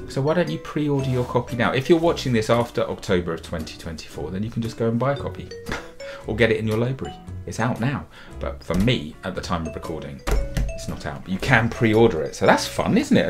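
A middle-aged man, a children's author and illustrator, giving a friendly drawing tutorial for kids in a chatty, upbeat way, often doubling words for emphasis. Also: mid-range voice.

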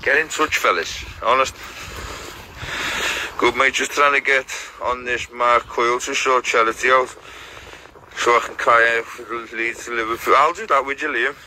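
A man hosting a live stream, chatting casually in rapid slang with many restarts. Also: medium pitch, fairly even intonation, pushed and bright, a little hiss or hum, poor audio.

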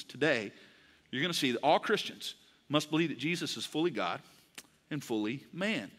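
A man preaching a sermon in a church, lively and conversational, mixing jokes with earnest points. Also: mid-range voice, a little fast. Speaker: pastor. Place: church auditorium. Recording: long reverb of a large hall.

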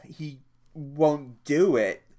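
A man's voice: a little high, very slow, mellow, voice pushed up. A man voicing a simple-minded, childlike giant farmhand who stammers and pleads. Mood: pleading.

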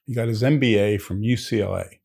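A man's voice: fairly low pitch, brisk, creaky, a little mellow, breathy edge. A man telling a long joke story in a leisurely, conversational way, with asides to the listener.

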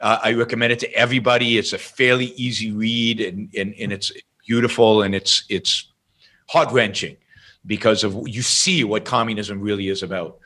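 A man as an interview guest, telling an anecdote in a lively way and often restarting his sentences. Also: fairly low pitch, normal speed. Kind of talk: explaining and storytelling in conversation.

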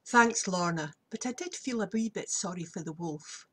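A woman's voice: lowish voice, lively intonation, normal speed, fairly bright tone, husky. A woman introducing the next act as host of a folk evening. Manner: friendly introductions.

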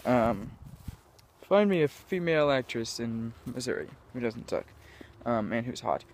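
A man's voice: medium pitch, animated, a little slow, a little hiss or hum. A young man rambling through a casual vlog outdoors, scattered and self-mocking, losing his train of thought and laughing often into a camera mic. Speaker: vlogger. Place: outdoors in sunlight.

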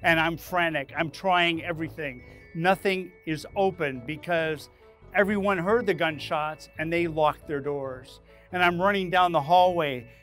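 A man hosting his own leadership channel, telling a dramatic personal story to camera in an animated way, acting out his own panicked lines. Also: fairly high pitch, unhurried, soft background music. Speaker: leadership speaker and channel host.

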